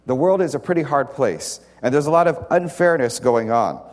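A man's voice: medium pitch, animated, moderate pace. A man preaching a sermon with slides in a conversational, emphatic way, often repeating key words. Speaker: pastor. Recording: faint hall reverb and light noise.

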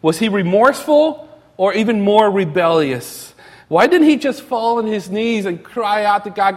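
A young adult man giving a sermon as a pastor, conversational and animated, with casual asides and repeated phrases. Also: high-pitched, normal speed. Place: church sanctuary. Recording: reverberant church hall.

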